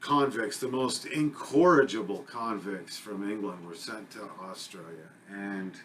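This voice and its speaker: Low-voiced man giving a recorded lecture. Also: a little slow, fairly bright tone, a little hiss or hum. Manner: conversational, with frequent fillers and self-corrections. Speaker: college criminal justice instructor.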